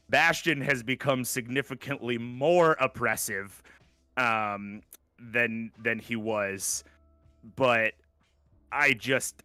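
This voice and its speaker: A man's voice: mid-range voice, pushed and bright, clear, resonant tone, dry recording. A man co-hosting a gaming podcast, chatting casually and ranting with sarcastic opinions. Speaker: podcast co-host.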